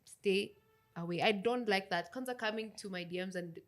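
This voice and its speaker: A woman's voice: medium pitch, moderate pace, a bit bright. A young woman, co-hosting a podcast and telling a story in a sassy, blunt way. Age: 20s. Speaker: podcast co-host. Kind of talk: casual chat.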